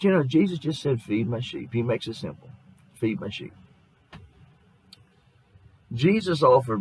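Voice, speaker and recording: A middle-aged pastor preaches in a hoarse, mid-range voice as he loses it, telling a folksy, earnest story in his sermon. The audio is poor.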